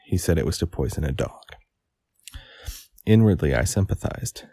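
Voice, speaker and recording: Deep gravelly man reading aloud. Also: expressive, dark tone, no echo. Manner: pauses to correct and comment on his reading. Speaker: audiobook reader. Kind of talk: casual read-aloud with commentary.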